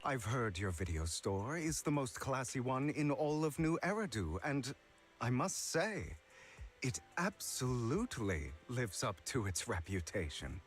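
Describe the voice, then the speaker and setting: A suave, mysterious gentleman collector who talks in smooth, courtly game dialogue. His middle-pitched voice swoops widely through every flattering phrase, with soft music faint behind it. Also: a little slow.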